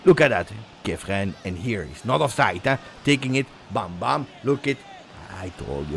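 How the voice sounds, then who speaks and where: A man hosting a live football watch-along, chatting with viewers and reacting to the match, whose voice swings from low asides to loud cheering. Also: normal speed, vocal fry, a little hiss or hum. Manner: excitable, switches from low asides to shouting celebration.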